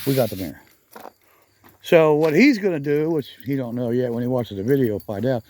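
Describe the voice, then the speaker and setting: A man's voice: mid-range voice, animated, brisk, noisy background. A middle-aged man chatting casually in a garage vlog outdoors, rambling and correcting himself with frequent chuckles. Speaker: garage channel vlogger.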